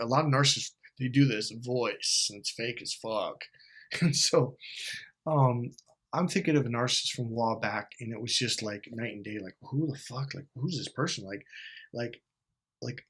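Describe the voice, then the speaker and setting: Blunt, swearing male host, slightly husky voice, mid-range pitch, talks straight to camera. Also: expressive, moderate pace, a bit bright. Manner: blunt and profane, acts out quoted lines; laughs often mid-sentence. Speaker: self-help video host. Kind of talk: casual monologue.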